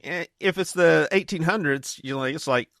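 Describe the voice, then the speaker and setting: A man co-hosting a podcast, playful and quick to joke while reading explanations aloud. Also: a little high, gravelly, fairly bright tone, dry recording, studio quality. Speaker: podcast co-host.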